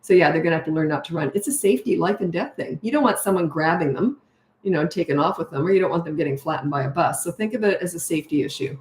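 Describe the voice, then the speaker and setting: A woman's voice: fairly low pitch, lively intonation, rapid-fire, darkish tone. A middle-aged woman giving parenting advice in a casual, blunt way, acting out the dialogue she quotes. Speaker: parenting coach. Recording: echoey room.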